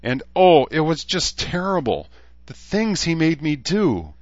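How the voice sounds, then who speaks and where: A man voicing a young female unicorn who squeaks and gushes plaintively, on a dull lo-fi recording. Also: very animated, measured pace, darkish tone, no room sound. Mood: distressed. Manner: plaintive and gushing.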